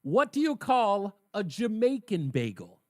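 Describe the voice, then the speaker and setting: A man hosting a call-in talk radio show, lively and laughing at his own jokes. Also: sits high, unhurried, dry recording, clean studio sound. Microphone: studio microphone.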